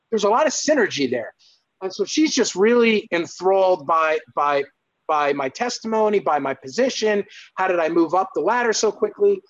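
A man sharing his faith testimony as a guest, in earnest, animated storytelling. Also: sits high, highs cut off. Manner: earnest, lively, acts out exclamations.

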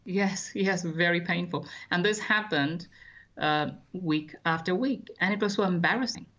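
A man, recounting his childhood as an interview guest in a measured, thoughtful way with frequent hesitations. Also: high-pitched, pushed and bright, lo-fi sound. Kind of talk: reflective personal storytelling.

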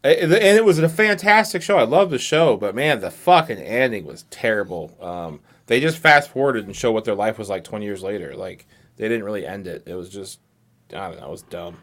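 A young man in casual podcast chat, telling animated, profane stories about TV endings. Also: on the low side, a little fast. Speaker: podcast co-host.

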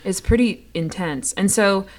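A young woman co-hosting a casual book discussion, animated and quick to laugh, often trailing off mid-sentence. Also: mid-range voice. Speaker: podcast co-host.

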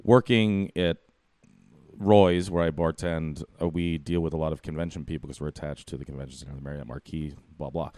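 A man casually telling a story about his bartending job, animated, acting out the quotes, with plenty of swearing. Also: a bass voice, brisk, no echo, soft background music. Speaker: bartender and podcast guest.

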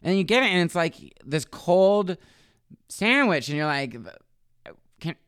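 A man's voice: sits high, lively intonation, moderate pace, a bit bright, clear, resonant tone, dry recording, clean studio sound. A man co-hosting a podcast in casual comedic chat, joking, rambling and sarcastic. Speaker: podcast co-host.

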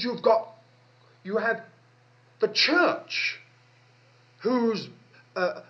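A man's voice: high voice, a bit bright. A man preaching a sermon with emphatic delivery, repeating phrases for stress. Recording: dull lo-fi sermon recording.

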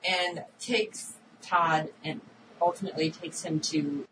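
Woman, casual recap chat, animated, acts out lines, distant mic, background noise. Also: low voice, takes it slowly. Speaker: podcast co-host.

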